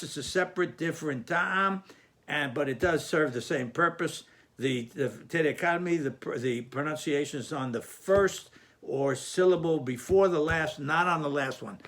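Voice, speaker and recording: A man's voice: on the high side, a bit bright. Man patiently explaining a lesson. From Sephardic Jewish community. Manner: patient, repeats and restarts phrases, sings examples. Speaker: teacher.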